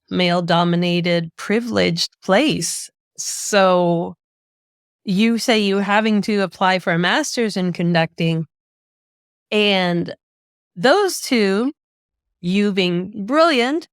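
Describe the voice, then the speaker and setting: A woman hosting a podcast interview, a measured, affirming listener. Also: fairly low pitch, clean tone, dry recording, studio quality. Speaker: podcast host.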